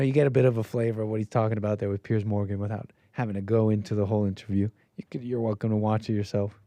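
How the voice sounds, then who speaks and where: A man's voice: mid-range voice, mellow, no room sound. A man hosting a call-in show, rambling and emphatic, often restarting his sentences. His voice sits in an ordinary middle register. It is recorded dry and close on the mic, with no room sound. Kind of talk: casual commentary monologue.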